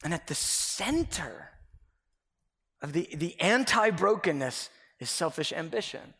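A middle-aged man preaching a confessional sermon as pastor, earnest and swinging between loud and hushed. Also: a little high, sing-song, unhurried, creaky, slightly rough. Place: church sanctuary. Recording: echoey hall with long reverb.

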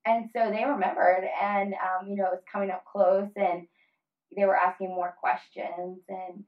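A woman in her thirties talking earnestly about family and faith in a casual conversation, with many fillers and pauses. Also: mid-range voice, flat delivery. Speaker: guest. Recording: slightly dull lo-fi audio.

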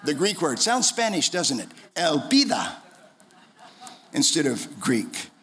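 A middle-aged man preaching a sermon as pastor in a church, impassioned, swinging from soft, low passages to shouted pleas. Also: sing-song, normal speed.

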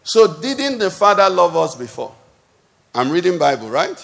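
A man preaches in a high, lifted voice, tossing questions out to the congregation and waiting for them to answer. His voice rings through a hall with a long, trailing echo. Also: very animated, normal speed, gravelly, fairly bright tone. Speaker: pastor. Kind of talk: sermon. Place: church hall.

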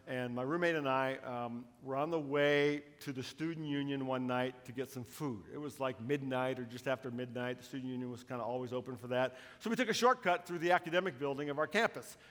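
A middle-aged man preaching a sermon as a pastor, telling stories with swings between hushed and emphatic delivery. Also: mid-range voice. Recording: long reverb of a large hall.

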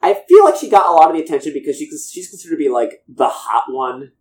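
A man co-hosting a podcast, telling a long fan story in a rambling, animated chat. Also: a little high, fast talker. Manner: rambling, animated retelling of lore. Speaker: podcast co-host.

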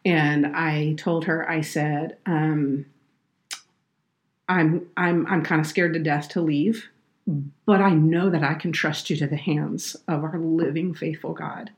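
A low-pitched woman talks on a faith podcast. She tells a personal story in an earnest, heartfelt way. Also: fairly even intonation, slow. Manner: earnest, heartfelt, tearful at moments. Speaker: podcast guest, children's minister.

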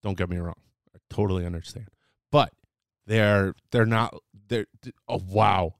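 A man's voice: on the low side, a little slow, gravelly, no echo, studio quality. A man hosting a casual segment, teaching a few words in a playful, chatty way with fillers and self-corrections. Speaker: host teaching Hebrew words. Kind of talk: casual podcast lesson.

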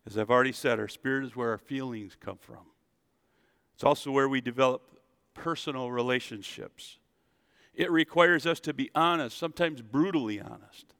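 A pastor preaching a sermon at a church service, animated and calling on the congregation to answer back. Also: male voice, medium pitch, moderate pace, clean tone. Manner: animated preacher, leads the congregation in call-and-response.

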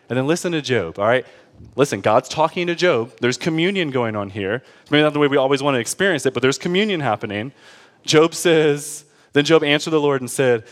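A young man preaching a sermon in a conversational, animated way, often checking in with his listeners. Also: medium pitch, fairly quick. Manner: conversational, animated, with laughs and frequent "right?". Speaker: pastor.

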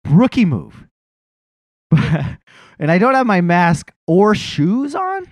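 A man's voice: high voice, huge pitch swings, slow pace, dry recording. A man telling a profane, self-mocking story in a casual podcast chat.

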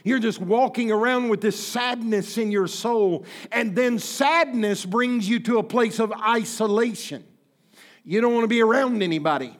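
A pastor in his fifties preaching a sermon in church, impassioned and folksy, with bursts of shouting. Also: very high voice. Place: church sanctuary.

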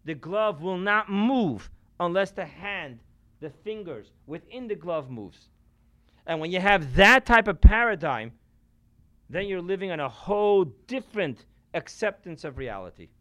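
In a room with a live audience, a male rabbi preaches a sermon full of stories, alternating loud emphasis with hushed asides. His voice is high, his delivery animated and a little slow.

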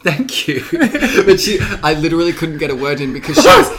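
A man's voice: fairly high pitch, wildly swooping pitch, a little fast, a bit bright. A man co-hosting a podcast in casual chat, rambling through stories with many fillers and frequent laughs. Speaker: podcast co-host.

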